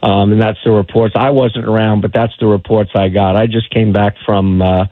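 A man's voice: lowish voice, level tone, moderate pace, no echo. Middle-aged guy on a phone line, fishing guide, rambly stories, dry tinny sound. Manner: chatty storyteller, many restarts. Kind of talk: phone-in radio chat.

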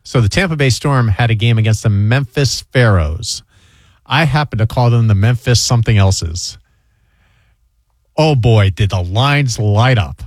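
A man's voice: medium pitch, unhurried, no echo. Man, middle-aged, from New York, radio host, rambling storyteller, dry close sound. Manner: rambling storyteller, self-deprecating. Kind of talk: casual radio chat.

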